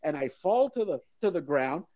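Older male guest, animated raconteur, very lively pitch, dry lo-fi sound. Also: moderate pace, no echo. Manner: animated storyteller, acts out crowd voices. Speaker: guest, mascot performer. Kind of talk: storytelling interview.

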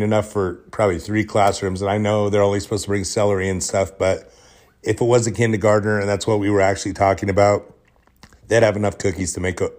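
A man hosting a podcast, telling a deadpan workplace story in a casual, joking way and dropping into whispers to act out the scenes. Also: fairly low pitch. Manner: deadpan, joking storyteller who drops into whispers when retelling. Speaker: podcast host.

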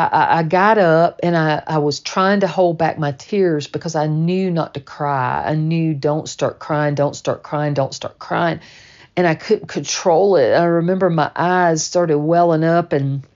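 Slow, low-voiced woman telling a memoir. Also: a little mellow, highs cut off. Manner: slow, plainspoken, candid. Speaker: storyteller. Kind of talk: personal memoir storytelling.

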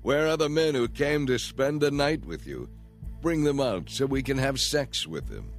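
A man voicing an aggressive mob of city men who shout threats in a storybook reading. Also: on the low side, sing-song, unhurried, soft background music. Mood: hostile.

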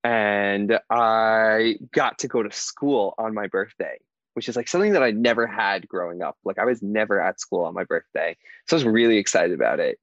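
A young man from Indiana, USA, appears as a podcast guest and tells a personal story in a casual, chatty way, saying "like" constantly and laughing often. His fairly low voice is animated and fairly bright at normal speed. The audio is dull, with no room sound.

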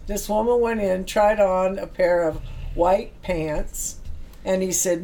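A woman's voice: mid-range voice, little pitch movement, slow pace, mellow. A middle-aged woman telling stories in casual chat, acting out quotes and laughing often. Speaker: guest telling stories about work with youth.

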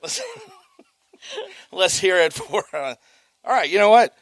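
A man's voice: high voice, lively intonation, a little slow, no echo, studio quality. A man hosting a podcast panel, making jokes and chatting casually. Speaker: podcast host.

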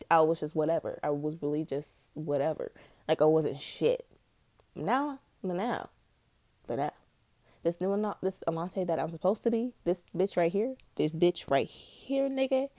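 A young woman hosting a podcast, rambling in a blunt, profane, scattered way while high. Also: warm tone, no echo. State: high on weed. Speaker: podcast host. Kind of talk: casual rambling monologue.

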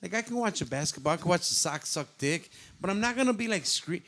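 A man in his thirties with a slightly high voice talks loosely and profanely. He drops Spanish slang into his English and gets worked up as he goes. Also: animated, fast, fairly bright tone. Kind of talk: casual chat.

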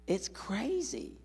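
A man preaching a sermon in a large church hall, an animated, joking storyteller speaking into a stage microphone. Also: high-pitched, husky.

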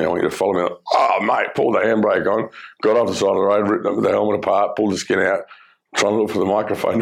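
A middle-aged Australian man with a deep, gravelly voice tells his life story as personal testimony. He speaks in a flat, level tone. His delivery is earnest and halting, full of fillers. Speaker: former criminal telling his life story.

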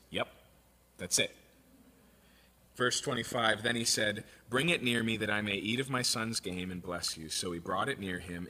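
Man, preacher, sermon, bright tone, slightly husky, conversational, scripture reading. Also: fairly low pitch. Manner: conversational, checks in with "okay?".

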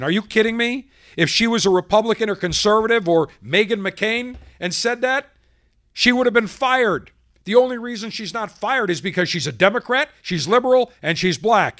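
High-voiced man ranting on a podcast. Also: animated, moderate pace, a bit bright. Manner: combative, ranting, sarcastic. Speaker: podcast host. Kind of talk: political commentary monologue.

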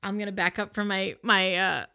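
A woman hosting a podcast, telling a personal story in an expressive, emphatic way into her own microphone, often laughing and restarting her sentences. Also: medium pitch, normal speed, clear, resonant tone. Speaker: podcast host.

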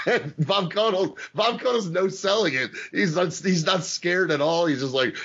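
A gravelly, husky man talks in animated casual chat on a podcast. His voice leaps up and down as he gets excited and slips into impressions. The audio is dull and lo-fi. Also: high voice, moderate pace. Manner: excitable, swearing, acts out impressions. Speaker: podcast co-host.

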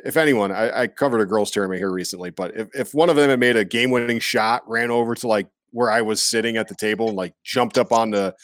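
A man's voice: fast talker, few pauses, no room sound. Rambling man in casual sports chat. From Iowa. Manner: rambling, lots of fillers, jumps into high goofy voices for quotes.

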